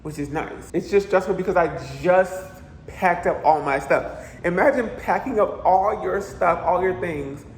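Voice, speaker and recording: Man, casual vlog rant, slightly high voice, roomy apartment echo, faint background hum. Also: measured pace. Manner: chatty, animated, with playful asides. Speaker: vlogger. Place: echoey apartment. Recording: echoey room with faint ambience.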